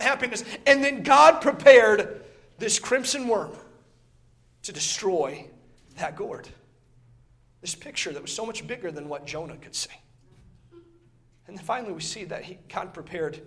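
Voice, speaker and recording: A man preaching a sermon with passion, reading scripture in old-style wording, swelling loud and then dropping low, and often repeating his words.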